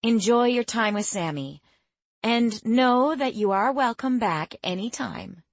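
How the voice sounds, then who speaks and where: A woman doing a warm, teasing mother. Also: a little high, expressive, a little slow, no echo, voice pushed up. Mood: affectionate. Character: kind, motherly middle-aged woman.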